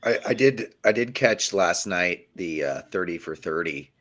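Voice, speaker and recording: A man with a very deep voice, chatting on a sports podcast in a laid-back way. He recounts what he watched with plenty of ums and uhs. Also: animated, measured pace, fairly bright tone. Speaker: podcast co-host. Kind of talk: casual sports podcast chat.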